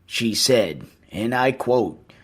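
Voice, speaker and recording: A man's voice: medium pitch, animated, slightly rough. A man doing a comedic impression of a blustering, patriotic rock-star father, hosting a podcast with rambling, self-righteous stories. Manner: rambling, self-righteous storytelling with slow pauses. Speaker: podcast host.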